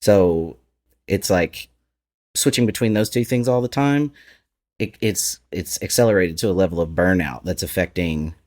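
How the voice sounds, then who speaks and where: A man with a low voice and an Appalachian accent speaks as a podcast guest. He talks candidly and thoughtfully about his life, breaking into laughs now and then. The tone stays casual and open. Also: moderate pace, a little mellow. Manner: candid, reflective, laughs often.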